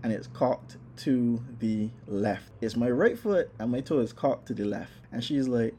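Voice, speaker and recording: A man casually telling a personal story, animated, acting out his own exclamations. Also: mid-range voice, unhurried, a little hiss or hum.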